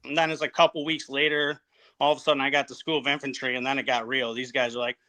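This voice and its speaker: A man's voice: medium pitch, level tone, sharp tone. Plainspoken man from upstate New York. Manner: halting, plainspoken, many fillers and restarts. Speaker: guest, Marine veteran. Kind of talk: casual interview storytelling.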